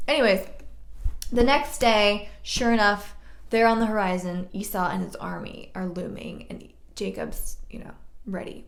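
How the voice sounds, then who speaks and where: Chatty lady telling a bible story, gravelly fry, echoey room. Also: medium pitch. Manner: chatty, jokey asides, slangy. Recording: roomy echo.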